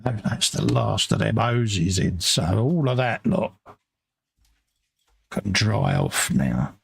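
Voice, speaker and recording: Gravelly London man chatting. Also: fairly low pitch, lively intonation, slow pace. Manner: chatty, matey banter while tidying his workbench. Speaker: livestream co-host. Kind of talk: casual live stream chat.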